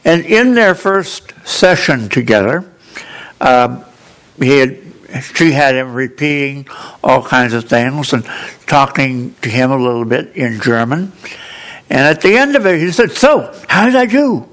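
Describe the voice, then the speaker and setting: A man with an audible speech defect reading aloud in church, telling a story in an earnest, gently humorous way. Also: mid-range voice, animated, a little slow, poor audio. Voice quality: altered articulation from a speech defect. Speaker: lay reader in church.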